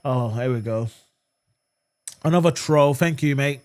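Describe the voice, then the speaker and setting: In a mid-range voice that runs a little slow, a fan channel host chats with viewers during a live football watchalong. He reads and replies to their comments, and his animated manner swings between calm talk and outraged shouts at the referee.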